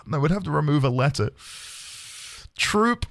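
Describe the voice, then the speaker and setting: A man's voice: on the high side, expressive, a little slow, vocal fry. A man streaming a video game, chatting casually and joking as he plays. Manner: playful, joking, bursts of laughter. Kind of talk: casual let's-play commentary.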